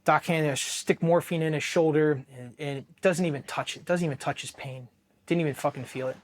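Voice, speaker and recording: A man's voice: on the high side, fairly even intonation. Man from Ohio telling a raw war story. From Ohio, USA. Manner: raw, profane, halting with many restarts; emotionally charged, dropping quiet at painful moments. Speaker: Marine veteran telling his war story. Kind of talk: personal interview storytelling.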